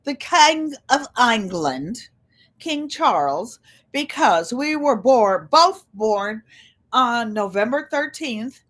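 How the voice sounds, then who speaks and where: Slow-talking older woman with a Connecticut accent. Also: on the high side, animated, fairly bright tone. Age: 70s. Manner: chatty storyteller, addresses viewers as "you guys". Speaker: channel host. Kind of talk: live-stream chat. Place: indoor room with a large air conditioner. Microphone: computer.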